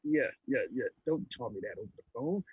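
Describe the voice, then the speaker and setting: A man's voice: medium pitch, animated, brisk, slightly rough, no echo, lo-fi sound. A man playing a tabletop role-playing game, casually speaking his character's actions and lines aloud. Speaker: player.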